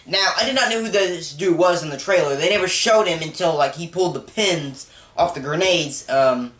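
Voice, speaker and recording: A young man giving a casual, rambling movie review, excitable and full of restarts. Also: fairly high pitch, normal speed. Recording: roomy echo.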